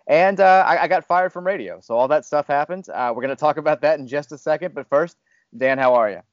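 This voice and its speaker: A man's voice: fairly high pitch, a little fast, no echo, muffled recording. A man hosting a casual podcast, talking candidly and rambling a little, with self-deprecating humor. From Louisville, Kentucky area. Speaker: podcast host, fired radio host.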